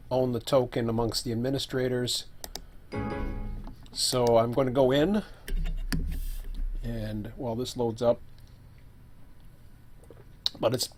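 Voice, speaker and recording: Male live streamer, casual, rambling, thinks aloud at a desk mic, midrange pitch. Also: noisy background. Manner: thinking aloud, rambling with fillers and self-corrections; eating while talking.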